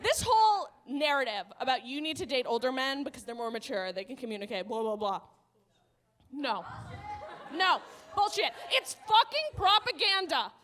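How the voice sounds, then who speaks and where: Very high, bright-voiced brash woman comic. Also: very animated, moderate pace. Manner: brash, profane, laughing at her own jokes. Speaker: stand-up comedian. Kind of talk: stand-up comedy set. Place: comedy club stage.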